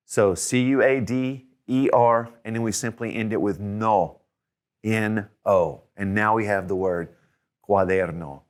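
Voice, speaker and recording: Lowish man teaching spelling step by step. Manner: patient, explains step by step with repeated sounds. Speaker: language tutor. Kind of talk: spelling lesson.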